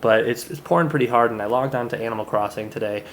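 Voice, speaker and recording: A man's voice: medium pitch, fast. Young male solo podcaster, mid-range voice, loose rambling delivery, faint noise underneath. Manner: rambling and jokey, with crude asides. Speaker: podcast host. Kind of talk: casual solo chat.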